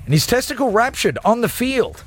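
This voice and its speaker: A man's voice: very high voice, sing-song, brisk, a bit bright, dry recording, soft background music. A man hosting a radio show, talking in jokey, self-mocking, hyped patter. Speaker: radio host.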